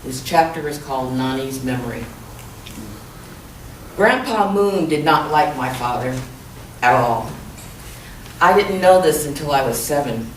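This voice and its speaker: A woman author reads her own fiction aloud, slow and measured, mid-pitched. Her voice comes from a distance in an echoey room, with a light wash of ambient noise behind it. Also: expressive. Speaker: author reading her novel. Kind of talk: literary reading aloud. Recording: echoey room, mic far off.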